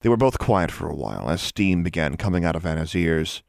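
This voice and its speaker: A man reading a fantasy story aloud in a measured, even narration. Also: low voice, creaky, no echo, studio quality. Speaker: audiobook reader.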